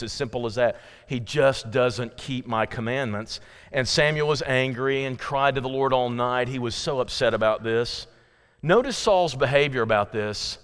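A man's voice: mid-range voice, normal speed, fairly bright tone, clean tone, in a large hall. A man preaching a sermon earnestly, reading scripture aloud with emphasis. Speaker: pastor.

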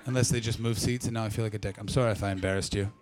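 A man's voice: fairly low pitch, fairly even intonation, racing, a little mellow. A man from Canada doing stand-up crowd work, brash and profane as he teases the audience. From Ottawa Valley, Canada. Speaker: stand-up comedian.

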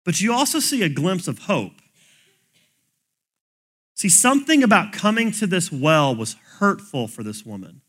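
A man's voice: sits high, pushed and bright. A man preaching a sermon in a conversational, plain-spoken way. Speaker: pastor.

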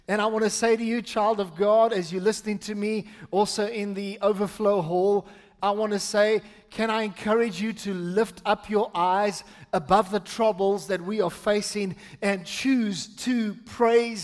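A man preaching a sermon as pastor, reading scripture slowly and emphatically and calling the congregation to respond. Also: sits high, steady tone, long reverb tail. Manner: slow, emphatic reading with pauses for meaning. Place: church with an overflow hall.

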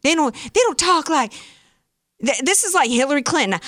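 A woman talk radio host with a slightly high voice speaks in a sarcastic, animated way. Her studio sound is dry and close, with no room around it. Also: normal speed, no echo. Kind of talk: opinionated talk radio commentary.

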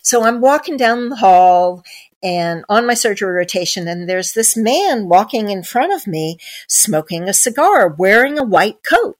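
A woman's voice: medium pitch, lively intonation, a little slow. A middle-aged woman doctor from the United States telling a story in a podcast interview, acting out the people she quotes. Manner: storytelling, acts out quoted voices. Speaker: guest doctor. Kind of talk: anecdotal interview talk.

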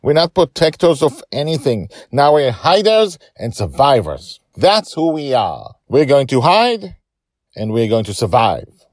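Brief: a man as a grieving pirate father, gruff and clipped, pushing hard, storybook drama in a dry close read. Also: medium pitch, big pitch swings, a little slow, dry recording, voice pushed up. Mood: shouting. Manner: forceful, clipped declarations. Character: gruff, heartbroken pirate father hiding his grief.

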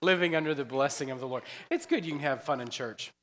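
Joking pastor in a reverberant church. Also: male voice, medium pitch, fast, a bit bright, slight background noise. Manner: chatty, joking asides, laughs often. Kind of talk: sermon. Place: church sanctuary.

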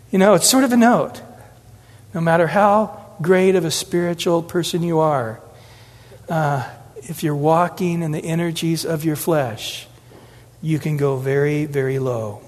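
A man preaching an expository sermon, acting out the scripture quotes with lively shifts of inflection. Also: high voice, in a large hall. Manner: animated, acts out scripture quotes with changing inflections. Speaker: pastor.

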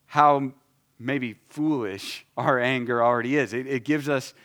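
A man preaching a conversational sermon, acting out short prayers in his own voice and swinging between loud, emphatic lines and quiet asides. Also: medium pitch, fairly even intonation, a little slow. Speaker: pastor.

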